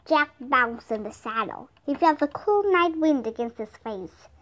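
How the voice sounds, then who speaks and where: Slow, careful woman storyteller. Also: high voice, animated, fairly bright tone. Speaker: storybook reader. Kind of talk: scripted narration.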